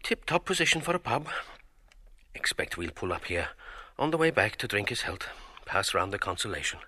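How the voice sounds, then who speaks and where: Brief: a man playing a middle-aged man musing to himself, low and bright, clipped murmured fragments, audio drama monologue. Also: breathy edge, no room sound, studio quality, exaggerated voice.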